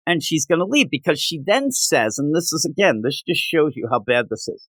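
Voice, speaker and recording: A man's voice: fairly high pitch, very animated, normal speed, hardly any pauses, a bit bright, no echo. A man reviewing comic books in a casual spoken rant, sarcastic and exasperated.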